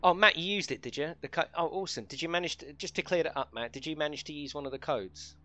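Bright-voiced chatty streamer man. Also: on the high side, fast. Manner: chatty, swears casually, laughs often. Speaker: game streamer. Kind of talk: casual live-stream chat.

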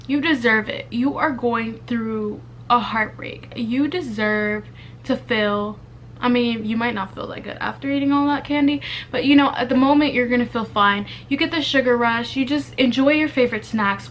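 A woman's voice: on the high side, normal speed, fairly bright tone, slight background noise. A young woman in college giving casual, earnest advice to her viewers, chatty with lots of fillers. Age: young adult. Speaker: vlogger. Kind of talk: casual heartfelt advice to camera.

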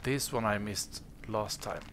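A man's voice: on the low side, measured pace, music in the background. A man hosting a let's-play, chatting casually with lots of fillers as he plays through a game. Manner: chatty, relaxed, many fillers. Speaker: gaming channel host.

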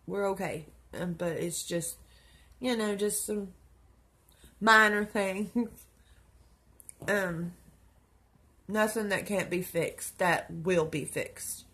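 A young woman, talking to her viewers in a casual vlog, soft-spoken and affectionate, her speech trailing off. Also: mid-range voice, slow, pauses often, husky. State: tearful. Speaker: vlogger.

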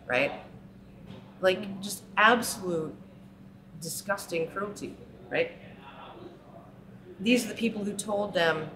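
A woman's voice: fairly low pitch, a little slow, background noise. A woman giving an impassioned talk, often ending points with "right?" and mocking the people she quotes. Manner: frequent "right?" tags, mocking put-on quotes. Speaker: speaker. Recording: echoey room with crowd.

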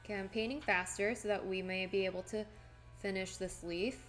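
A woman's voice: mid-range voice, fairly even intonation, brisk, soft background music. A woman live streaming while she paints, chatting casually with viewers in a playfully melodramatic, mock-tearful way.

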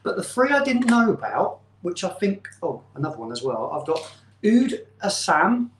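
A man's voice: sits high, very animated, normal speed, a little hiss or hum. A man hosting a casual live stream, chatty and rambling, often poking fun at himself. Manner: chatty, rambling, self-deprecating. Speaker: channel host. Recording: roomy echo.

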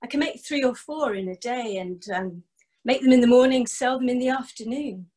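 A woman voicing a calm travelling man who sells heather brooms, explaining patiently. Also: a little high, moderate pace, natural voice. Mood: easygoing. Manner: matter-of-fact, patient explaining. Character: travelling male broom-seller, calm and easygoing.

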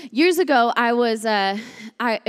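A woman preaching a sermon in a church, lively and animated, often breaking into shouts and acted-out quotes. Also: fairly high pitch, measured pace, clear, resonant tone. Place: church sanctuary. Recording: long hall reverb.

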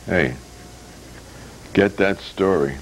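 An older man with a very low, deep voice rambles through his commentary. He drops dry, deadpan jokes between fillers and restarts. Faint hiss sits under the recording. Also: drawn-out words, rough recording. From United States. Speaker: public access TV host.

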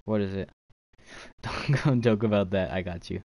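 A man's voice: lowish voice, normal speed, pauses often, a little mellow, no echo. Laid-back young male game streamer. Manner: laid-back, chatty, laughs and swears casually. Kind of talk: casual live-stream chat while trading.

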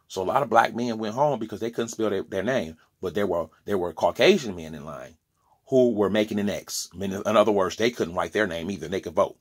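Husky-voiced man in his forties, fired up. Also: fairly low pitch, fairly quick. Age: 40s. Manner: impassioned, stumbling restarts, preachy asides. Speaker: opinion vlogger. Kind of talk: opinion monologue.

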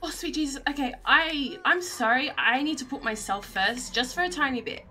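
Excitable young woman streamer. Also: sits high, moderate pace. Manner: excitable, panicky, often shrieking and laughing. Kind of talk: live gameplay commentary.

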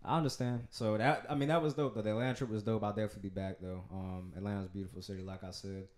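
A man's voice: fairly low pitch, steady tone, very fast, a little mellow, echoey room. A man co-hosting a casual podcast, talking in loose slang, laughing easily and getting worked up at times. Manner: laid-back, slangy, laughs often, gets worked up. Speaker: podcast co-host. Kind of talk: casual chat.

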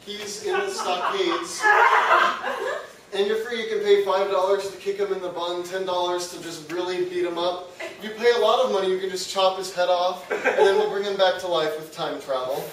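A young male college comedian telling an absurd story in a deadpan way to a live audience, sometimes laughing at his own jokes. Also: high voice, normal speed, distant mic. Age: young adult. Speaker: student comedian. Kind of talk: stand-up comedy. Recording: echoey room, mic from afar, audience noise.

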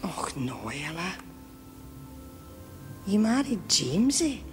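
A woman's voice: lowish voice, very animated, slow, soft background music. An actress playing a chatty, teasing woman reminiscing with an old schoolmate in a sitcom.

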